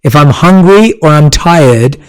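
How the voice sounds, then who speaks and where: A man hosting a podcast with a slightly high voice. He talks in a casual way, affirming his guest and hammering home his points by repeating them. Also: animated, a little slow, clear, resonant tone. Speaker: podcast host. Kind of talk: casual interview chat.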